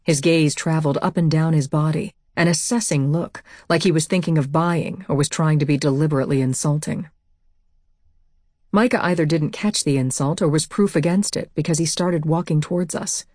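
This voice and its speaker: A woman narrates a first-person novel as an audiobook in a low, intense voice. The recording is dry and close, with no room echo. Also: normal speed, darkish tone.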